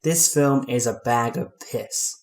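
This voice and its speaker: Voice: mid-range voice, slow, darkish tone, slight background noise. A film reviewer, giving a scornful, profane comedic review.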